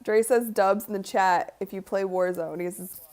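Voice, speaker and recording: A woman's voice: medium pitch, steady tone, moderate pace, a little mellow. A woman hosting a live-streamed basketball watch party, chatting casually and giggling as she comments and talks to her viewers.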